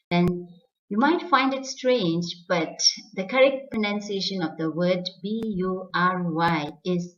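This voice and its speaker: A middle-aged woman teacher, a native Tibetan speaker, giving a careful pronunciation lesson and repeating each word for practice. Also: medium pitch. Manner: slow, careful, repeats words for drill. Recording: distant, dull lo-fi sound.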